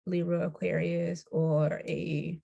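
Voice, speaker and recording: Low-voiced woman reading tarot cards. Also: little pitch movement, slow, gravelly, warm tone, highs cut off. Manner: chatty, explains cards to viewers. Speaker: tarot reader. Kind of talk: casual spiritual reading.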